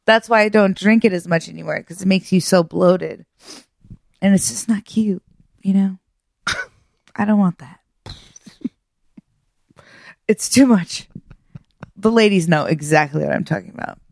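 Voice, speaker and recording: A woman's voice: medium pitch, creaky, darkish tone, no echo, clean studio sound. A woman co-hosting a podcast in loose, casual chat, drawing out her words and laughing often. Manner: giggly, drawn-out, loose delivery. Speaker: podcast co-host.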